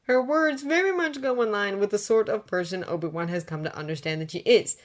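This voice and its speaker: A woman narrating fanfiction aloud in a steady, unhurried reading voice. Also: medium pitch.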